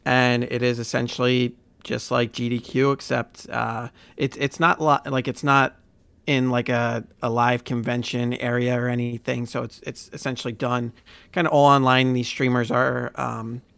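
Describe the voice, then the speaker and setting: Gravelly-voiced male podcast co-host. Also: medium pitch, flat delivery, normal speed, a bit bright, dry recording. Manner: rambling, many restarts and fillers. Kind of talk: casual podcast chat.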